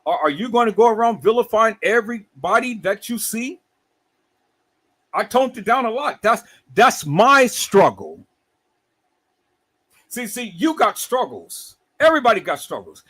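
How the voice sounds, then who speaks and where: Animated, husky man preaching on a livestream. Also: high voice, unhurried. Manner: animated, repeats words, preacher-like cadence. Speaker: livestream host.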